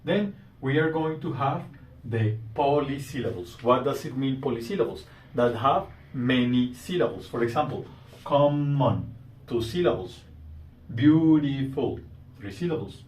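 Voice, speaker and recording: A man giving a recorded grammar lesson, explaining deliberately step by step and repeating simple examples. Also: medium pitch, expressive. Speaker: English teacher. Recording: echoey room, mic at a distance, faint noise.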